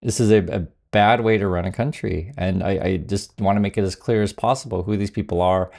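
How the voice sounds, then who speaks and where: A man's voice: on the low side, steady tone, brisk, creaky, a little mellow. A man hosting casual political commentary, sarcastic, with many fillers and restarts.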